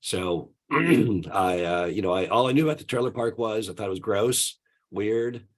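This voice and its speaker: An older man speaks with a husky, gravelly voice, hoarse from a bout of flu, his pitch sitting on the low side. He tells his story in a loose, conversational way, pausing often on "uh" as he goes. He comes through a video call. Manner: relaxed storytelling with many "uh" fillers. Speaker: guest speaker. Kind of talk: conversational webinar presentation.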